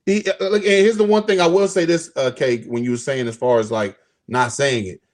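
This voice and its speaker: A young man co-hosting a casual sports talk stream, animated and profane, acting out quotes as he talks. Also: fairly quick. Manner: animated, profane, acts out quotes with big pitch jumps. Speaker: podcast co-host.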